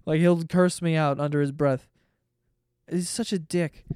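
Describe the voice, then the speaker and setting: A man's voice: on the high side, fairly even intonation, a little slow, a little mellow, clear, resonant tone, dry recording, studio quality. A man hosting a podcast, telling a rambling, profane story in a casual monologue. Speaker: podcast host.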